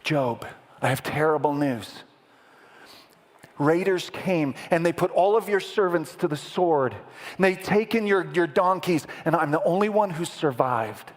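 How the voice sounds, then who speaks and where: A man's voice: medium pitch, steady tone, a little slow, slightly rough. A man voicing a breathless male servant who urgently reports a disaster to his master. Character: breathless male servant bringing bad news. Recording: echoey hall with long reverb.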